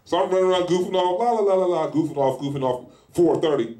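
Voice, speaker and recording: A man preaching a sermon in a casual, animated style, acting out little scenes as he goes. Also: a little high, fairly quick, reverberant. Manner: animated, acts out scenes in lively voices; speaks in informal colloquial style. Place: church hall.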